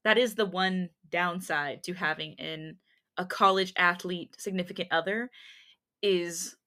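A woman's voice: on the low side, fairly even intonation, a little slow, sharp tone. A young woman co-hosting a podcast, reading fanfiction aloud with jokey asides and frequent laughter. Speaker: podcast co-host.

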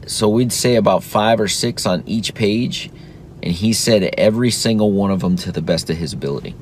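A father in his thirties who hosts a podcast talks casually and reflectively about raising his son, earnest and encouraging, even acting out sing-song praise for his toddler. His voice sits a little low at a moderate pace, with a faint low rumble beneath the recording.

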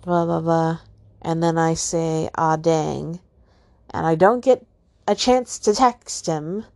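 A woman's voice: deep voice, fairly even intonation, takes it slowly, creaky, darkish tone, dry recording, studio quality. A woman hosting a solo podcast, upset and near tears, sighing and swearing as she reads out text messages. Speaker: podcast host.

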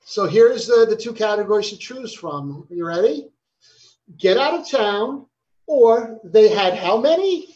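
A man's voice: sits high, animated, measured pace, darkish tone, highs cut off. A man hosting a casual quiz game among friends, playful, swearing and laughing, tripping over his own answers. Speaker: game host.

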